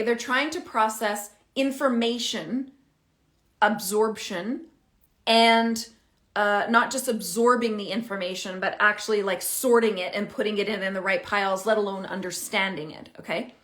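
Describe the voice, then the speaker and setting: A middle-aged woman talking casually to camera as a parenting coach, animated and chatty, thinking out loud as she explains. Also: fairly high pitch. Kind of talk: casual direct-to-camera advice.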